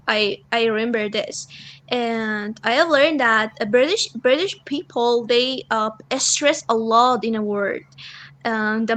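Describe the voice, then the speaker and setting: A woman's voice: on the high side, a bit bright, poor audio. Young woman student answering carefully. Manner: careful, searching for words. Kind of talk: answering in class. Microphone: computer mic on video call.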